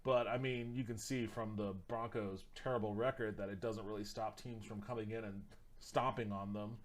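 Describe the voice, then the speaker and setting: A man's voice: lowish voice, steady tone, normal speed. Male streamer, casual chat, rambling, loose, swears a bit. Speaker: streamer reacting to videos.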